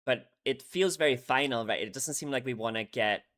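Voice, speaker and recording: A man's voice: mid-range voice, brisk, fairly bright tone. A young man talking through song lyrics in a casual reaction video, earnest and emotional, often checking in with "right?". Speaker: music reaction YouTuber.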